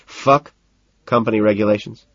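A man's voice: fairly low pitch, lively intonation, normal speed, husky, lo-fi sound. A man voicing a sarcastic, stubborn male limo driver with a smug, mocking manner.

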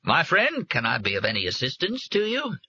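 A man reading aloud, voicing a genial, folksy teaching machine built as an old white-haired gentleman. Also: on the high side, huge pitch swings, brisk, breathy edge, highs cut off, voice pushed up, full character voice.

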